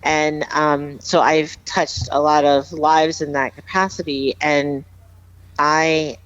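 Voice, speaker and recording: A woman's voice: low-pitched, flat delivery, slow pace, fairly bright tone, no room sound, muffled recording. A woman guest on a podcast, earnestly telling a personal story with emphatic repeats. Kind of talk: heartfelt storytelling, casual chat.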